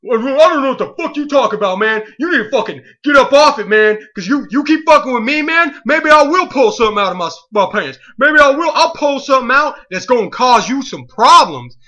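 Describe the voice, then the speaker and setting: A man's voice: very high voice, big pitch swings, a little fast, hardly any pauses, sharp tone, dull audio, pitched above the performer's own voice, full character voice. A man voicing a defensive eighteen-year-old male shoplifter who is whiny and defiant and keeps drawling "man". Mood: threatening.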